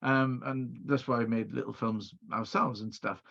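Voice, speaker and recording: A man's voice: mid-range voice, steady tone, normal speed, gravelly, fairly bright tone. Chatty Welsh man, dull call audio. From Wales. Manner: chatty storyteller with many restarts. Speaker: video producer guest. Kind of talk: casual interview chat.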